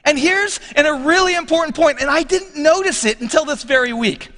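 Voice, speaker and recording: A pastor with a high, bright voice preaches to his congregation in a relaxed, conversational way, tossing questions out to the room. His voice swoops up and down freely, with a long reverb from the church hall around him. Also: a little fast. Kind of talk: sermon. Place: church sanctuary.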